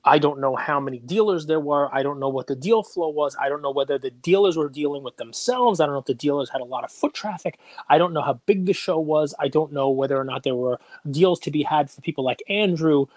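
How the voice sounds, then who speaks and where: A man's voice: a little high, fairly quick, dry recording. A man hosting a casual podcast, teasing and sarcastic, telling long winding stories. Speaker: podcast host.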